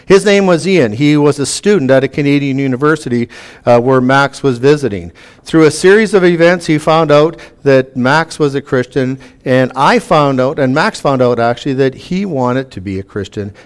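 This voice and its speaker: A man's voice: mid-range voice, moderate pace, smooth. A man preaching a sermon to a room, earnest, reading scripture aloud with emphatic rises.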